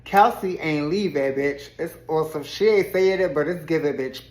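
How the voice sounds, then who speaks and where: A woman's voice: sits low, moderate pace, reverberant, poor audio. A woman giving a casual, sassy recap of a reality TV episode with her own commentary, laughing often as she tells it. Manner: sassy, expressive storyteller who laughs often.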